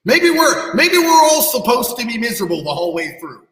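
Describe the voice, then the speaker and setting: High, lively, blunt ranting man. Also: fairly quick, hardly any pauses. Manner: blunt, profane, lecturing. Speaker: podcast guest. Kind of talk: heated podcast rant. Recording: echoey room with long reverb.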